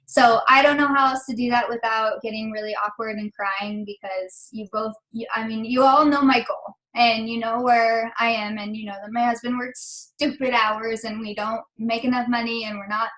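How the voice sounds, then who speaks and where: A woman's voice: fairly high pitch, steady tone, normal speed, few pauses, fairly bright tone, poor audio. A young woman leading a team call, emotional and close to tears, rambling with many fillers as she encourages her team. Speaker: team leader. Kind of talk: team call pep talk.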